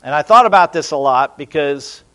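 A middle-aged man preaching a sermon, telling a lively story and asking the congregation questions in a church. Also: a little high, moderate pace. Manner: animated storytelling, talks to the congregation.

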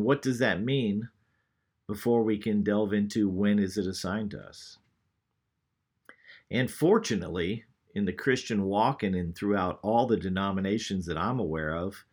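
A man's voice: lowish voice, husky. A man preaching a sermon, who reads scripture aloud and asks the congregation questions.

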